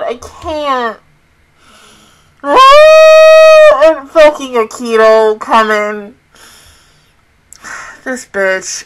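A woman hosting an anime reaction and review, swearing, laughing and crying out, then talking it through more quietly. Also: sits high, sing-song, extremely slow, pauses often. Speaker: anime reaction channel host.

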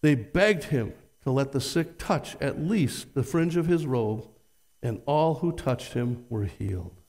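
A man's voice: medium pitch, animated, measured pace, darkish tone, in a large hall. A male pastor preaching a sermon. He reads scripture aloud with dramatic emphasis and puts rhetorical questions to his congregation. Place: church sanctuary.

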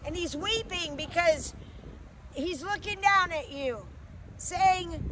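A woman's voice: very high voice, slow. A woman minister preaching and praying in an urgent, pleading, emotional way, recorded outdoors. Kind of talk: impassioned preaching and prayer. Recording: outdoor traffic noise behind voice.

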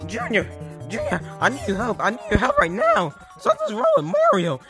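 A performer voicing a timid adult male plumber brother who stammers and bursts into shrill panic. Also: wildly swooping pitch, takes it slowly, creaky, music in the background, full character voice. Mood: panicked. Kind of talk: fan puppet-style comedy video.

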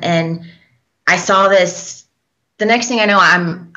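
A young woman, a guest in an interview, telling a personal story in a halting, hesitant way with many fillers. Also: on the low side, fairly even intonation, bright, forceful tone. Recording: dull lo-fi recording.

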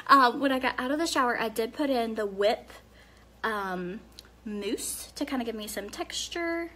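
A woman from Tennessee with a Southern accent, chatting casually on a live phone video, answering viewer comments and dropping to soft murmurs while she works. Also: on the high side, normal speed, a little hiss or hum. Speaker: live-stream hair demonstrator.

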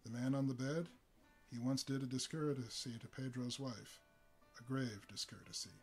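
A giant of a bandit enforcer in a storybook tale, deep and soft-spoken, as a man reading aloud voices him. He threatens with grave, polite courtesy rather than volume. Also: steady tone, normal speed, faint music behind, close to an everyday voice. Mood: calm menace. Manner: politely menacing.

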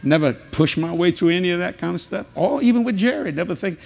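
A man's voice: high voice, fast, vocal fry. Folksy preacher, older man. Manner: folksy, animated, drawling storyteller. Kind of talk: sermon with storytelling and prayer. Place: large convention hall.

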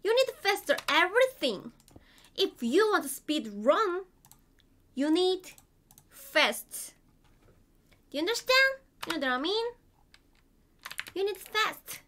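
A young woman streaming a game in casual, simple broken English, excitable, with squeals, gasps and sing-song humming. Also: extremely high pitch, takes it slowly, pauses often. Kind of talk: casual gameplay chat.

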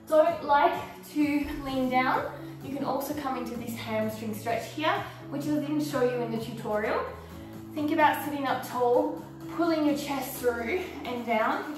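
High-pitched lady coaching a workout, cheering you on, super echoey room. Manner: encouraging, cueing moves and counting time. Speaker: fitness instructor. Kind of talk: guided workout instruction. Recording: echoey room, mic far off, faint music.

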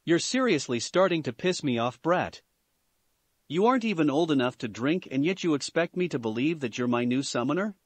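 Brief: a man doing a huge hot-headed toad boss, loud and growling, lively pitch, storybook reading. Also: a little fast, dry recording. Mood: angry.

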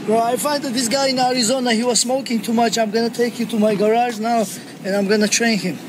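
A man putting on the voice of an excitable foreign fighter who speaks broken English and bosses people around. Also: extremely high pitch, fast talker, heavy background noise, voice pushed up. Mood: boastful.

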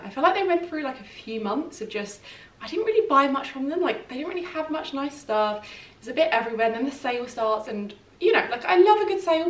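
A young British woman chatting casually and gushingly through a clothing try-on at home, full of "like" and enthusiasm. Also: fairly high pitch. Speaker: fashion vlogger. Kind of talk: casual try-on haul chat. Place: at home in her flat. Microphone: camera mic set a little way off. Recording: roomy echo, distant mic, faint room hum.

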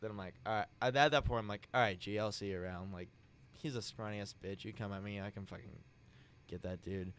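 A man's voice: lowish voice, fairly even intonation, fast talker, smooth. A young man, a podcast guest, telling a crude story in casual chat and acting out the lines of the people in it.

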